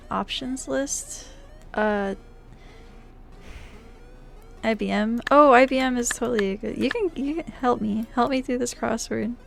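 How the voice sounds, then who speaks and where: Giggly young woman streamer, gravelly. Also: fairly high pitch. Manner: playful, laughing, talks to chat, swings between loud outbursts and quiet mumbling. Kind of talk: casual live-stream chat while playing games.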